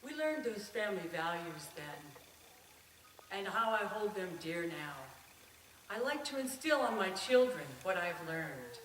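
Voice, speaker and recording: Expressive woman giving a speech, far-off echo. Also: mid-range voice, slow, slight background noise. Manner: expressive storytelling, swelling and dropping. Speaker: club speaker. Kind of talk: prepared speech. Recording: echoey room from far off.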